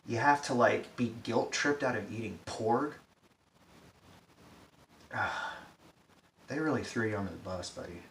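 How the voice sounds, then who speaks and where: A man's voice: lowish voice, unhurried, long pauses, fairly bright tone. A man ranting in profane, exasperated, sarcastic commentary, recorded from a distance in a roomy space. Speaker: pop-culture commentator. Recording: roomy echo, distant mic, faint hiss.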